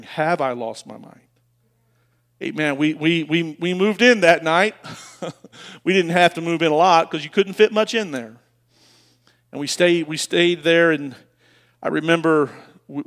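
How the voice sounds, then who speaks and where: Middle-aged man, high voice, emotional storytelling preacher who stammers and repeats himself. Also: normal speed. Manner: storytelling, emotional, repeats words, rises to loud passionate bursts. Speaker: pastor. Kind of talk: sermon.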